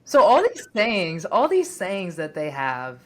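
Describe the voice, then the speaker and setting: A woman with a notably low voice hosts a podcast interview, thinking aloud and echoing her guest's phrases back. Her tone is reflective and conversational. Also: huge pitch swings, slow. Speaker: podcast host.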